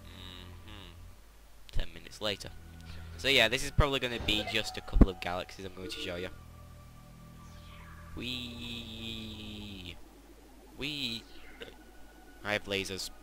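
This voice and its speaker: A man's voice: lowish voice, slow, long pauses, over music. A man doing casual, joking gameplay commentary, rambling and mocking himself as he plays. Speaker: let's play gamer.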